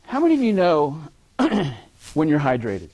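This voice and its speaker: A male lecturer speaks to a university class in a lively, animated voice that sits a little high. He keeps things loose, teasing students and throwing questions out to the room. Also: a little slow, breathy edge. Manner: lively, joking, quizzes the audience. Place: lecture hall.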